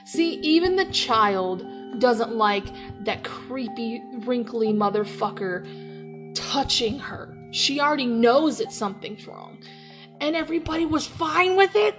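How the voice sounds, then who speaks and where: A woman hosting an opinionated podcast rant from her workplace, heated and profane, swinging between yelling and laughing. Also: fairly high pitch, animated, unhurried, music in the background. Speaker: podcast host.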